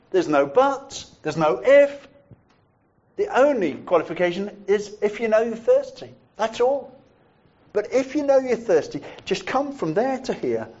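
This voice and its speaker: Slow, high-voiced male preacher. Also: muffled recording. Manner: measured, reflective, repeats phrases for emphasis. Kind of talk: sermon.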